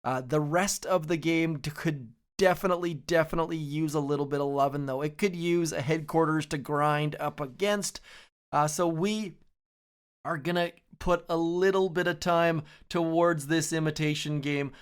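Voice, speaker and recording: A man's voice: fairly high pitch, steady tone, moderate pace, smooth. A man hosting a mobile strategy game channel, chatting casually and upbeat while he plays, often poking fun at himself. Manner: chatty, upbeat, self-deprecating, talks while playing. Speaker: gaming channel host. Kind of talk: casual gameplay commentary.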